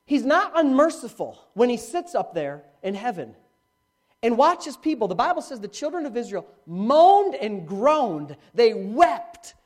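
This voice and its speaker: A middle-aged male pastor preaching a sermon, with dramatic swings from hushed to loud. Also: unhurried. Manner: animated preaching with dramatic swings in pitch and volume. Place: church, live-streamed.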